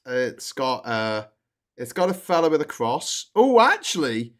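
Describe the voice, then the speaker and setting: This Liverpool-accented host, from Liverpool, England, has a medium, fairly bright voice with big pitch swings and a measured pace. His political chat show is casual and full of swearing, and he rambles while making jokes about himself.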